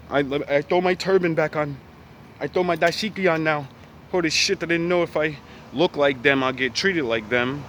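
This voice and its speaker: A man's voice: fairly high pitch, moderate pace, fairly bright tone, a little hiss or hum. Blunt, profane American man ranting. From United States. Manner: blunt, profane, emphatic, repetitive. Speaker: vlogger. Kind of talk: ranting commentary.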